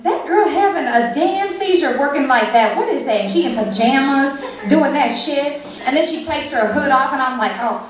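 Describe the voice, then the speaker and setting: A brash, slangy woman who brags about her looks, as a comedian puts her on. She sounds high and bold. The voice comes from across a very echoey comedy club. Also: lively intonation, moderate pace, distant mic. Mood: sassy. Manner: sassy, slangy, bragging. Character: brash sassy woman fixated on her backside. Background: audience laughter.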